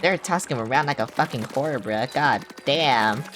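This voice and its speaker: Low-voiced young woman streamer rambling over music. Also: normal speed, fairly bright tone. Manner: rambling, swears a lot, dramatic reactions. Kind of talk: casual gaming livestream chat.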